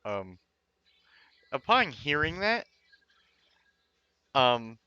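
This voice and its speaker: A man playing a tabletop game, speaking quietly and hesitantly. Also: medium pitch, big pitch swings, extremely slow, clean tone, no echo. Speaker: player. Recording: dull lo-fi sound.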